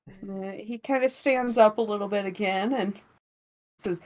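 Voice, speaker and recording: A woman narrating a tabletop game as game master in a casual, relaxed way with many fillers. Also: medium pitch, unhurried.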